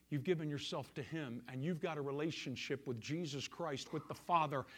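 In a high voice, a male pastor tells a story during his sermon, swinging between loud emphasis and hushed quiet.

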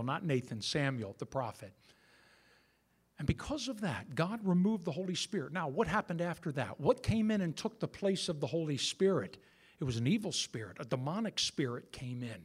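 A man's voice: on the high side, slightly rough. A middle-aged man preaching a sermon to his church in a conversational way, with asides to the congregation. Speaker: pastor. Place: church sanctuary.

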